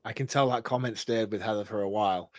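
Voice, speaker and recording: A man's voice: lowish voice, fairly even intonation, fast, dry recording. A man co-hosting a podcast, teasing and self-deprecating, laughing often in casual banter. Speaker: podcast co-host.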